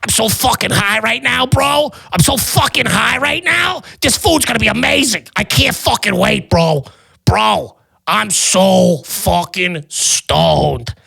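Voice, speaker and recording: A man doing a loud stoned brash Chicago tourist. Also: very high voice, expressive, measured pace, vocal fry, slightly rough, pitched above the performer's own voice, exaggerated voice. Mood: stoned bragging. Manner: loud, boastful, shouting.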